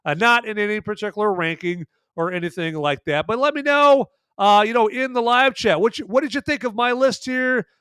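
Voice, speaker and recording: A man's voice: sits high, animated, brisk, few pauses, a bit bright, clean tone, no room sound, clean studio sound. A man hosting a live podcast, rambling through his movie picks with many fillers and restarts in casual commentary. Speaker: podcast host presenting a vampire movie list.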